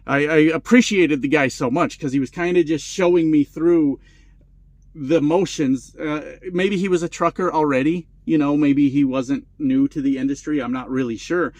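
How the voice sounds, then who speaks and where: A man of about forty, a truck driver vlogger, telling a story in casual, profane, animated style. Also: fairly high pitch, normal speed, no room sound.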